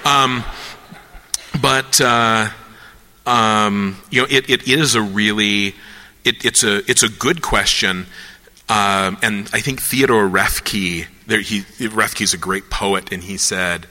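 A man talks through ideas in a loose, rambling way, slipping into little voices for the people he quotes. His tone is very bright and forward, and the sound carries a long hall reverb. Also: lowish voice, steady tone, slow. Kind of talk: casual philosophical chat.

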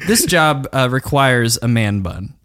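A man's voice: mid-range voice, animated, slow pace, a bit bright. A man co-hosting a podcast, playing a playful job interviewer in an improv party game.

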